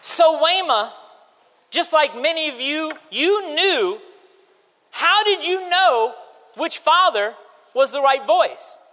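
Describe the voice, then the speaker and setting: A man preaching an animated sermon to a church congregation, calling out to the crowd. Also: very high voice, takes it slowly. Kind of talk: sermon with audience participation. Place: church sanctuary. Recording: hall reverb in a large church.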